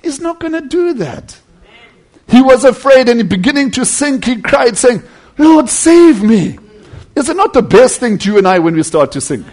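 A male preacher giving a sermon, swinging between loud emphatic passages and hushed near-whispers, earnestly calling his listeners friends. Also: very high-pitched, sing-song, normal speed.

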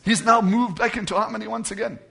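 Preaching to his congregation, a high-voiced man with vocal fry alternates quiet and loud stretches, slowing down and lengthening words to drive points home.

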